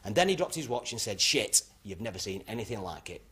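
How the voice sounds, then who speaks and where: A brash club comic. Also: male voice, fairly low pitch, sing-song, fast, bright, forceful tone. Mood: cheeky. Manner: rambling anecdotes with punchlines. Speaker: club comedian. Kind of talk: stand-up routine.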